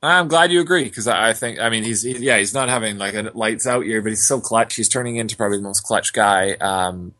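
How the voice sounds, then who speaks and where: A man's voice: lowish voice, fairly quick, few pauses, sharp tone, no echo. A man co-hosting a sports podcast, chatting casually and rambling through jokes and picks.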